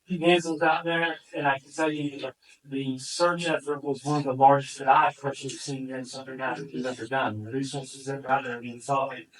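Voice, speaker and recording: A man's voice: mid-range voice, flat delivery, brisk, a bit bright. A man, a public safety official, briefing a community meeting in a matter-of-fact way about a search effort. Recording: distant from the mic.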